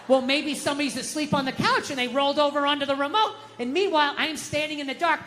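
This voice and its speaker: Profane ranting stand-up comedian. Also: male voice, extremely high pitch, animated, brisk, in a large hall, slight background noise. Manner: profane, ranting, shifts into shouted outbursts.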